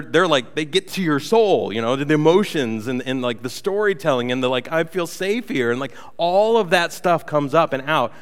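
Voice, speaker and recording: A man preaching a conversational sermon as a pastor, telling stories with playful, animated asides. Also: fairly high pitch, in a large hall.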